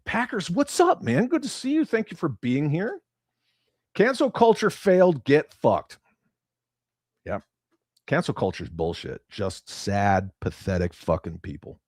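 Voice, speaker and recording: Male livestream host, blunt and profane, very animated pitch, dry close-mic sound. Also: dry recording. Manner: profane, blunt, quick swings between loud and muttered. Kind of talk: casual livestream chat reading viewer comments.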